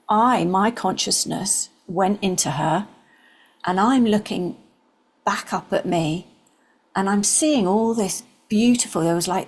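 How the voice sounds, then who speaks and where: A woman in her sixties, interviewed as a guest, earnestly shares a personal story in a mid-range voice, sometimes slipping into soft whispers.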